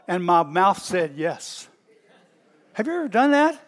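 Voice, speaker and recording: A middle-aged man with a Southern US accent, a pastor preaching in a folksy, storytelling way that bursts out loud at times. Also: high-pitched, moderate pace, long reverb tail. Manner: folksy and animated, stretches words, bursts out loud. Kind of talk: storytelling sermon.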